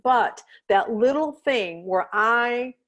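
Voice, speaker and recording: A woman's voice: on the high side, expressive, slow, a bit bright. A woman hosting a podcast as a dog trainer, talking in a casual, chatty way and often checking in with "right?" while she patiently walks through examples. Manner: chatty, checks in often with "right?" and "you know what I mean?"; earnest, explains patiently with step-by-step examples.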